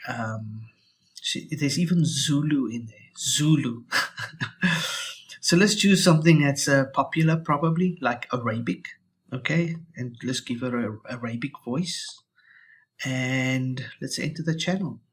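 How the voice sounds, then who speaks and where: A man hosting a tech channel, walking through a software demo in a casual, think-aloud way. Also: medium pitch, husky.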